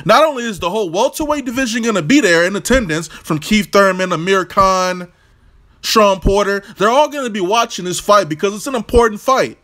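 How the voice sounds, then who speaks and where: A man's voice: high voice, brisk, sharp tone. A man hosting an opinionated, profane boxing vlog rant, brash and combative. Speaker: boxing commentator, channel host.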